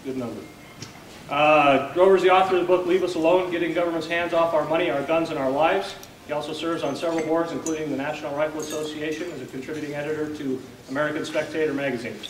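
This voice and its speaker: A male host speaks at a lunch forum in a conversational way, pausing often on filler words. He sits back from the microphone in a reverberant banquet room. Cutlery and dishes clink audibly behind him. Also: fairly high pitch, fairly even intonation, a little hiss or hum. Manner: plain, conversational, with frequent "uh" fillers. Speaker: event host introducing a speaker. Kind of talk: luncheon speech and introduction. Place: banquet hall at a lunch event. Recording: roomy, distant mic with clinking dishes.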